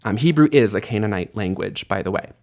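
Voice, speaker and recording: A man's voice: on the low side, animated, a little fast, a little mellow. A man teaching an online language lesson in a casual, friendly way, explaining grammar and repeating words aloud for practice. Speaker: Hebrew teacher.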